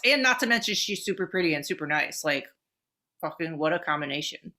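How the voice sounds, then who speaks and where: A woman co-hosting a podcast, telling stories in a loose, excited way, with plenty of swearing and "like" fillers. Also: on the low side. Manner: swears freely, fast excited storytelling with many fillers. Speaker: podcast co-host. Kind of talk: casual chat.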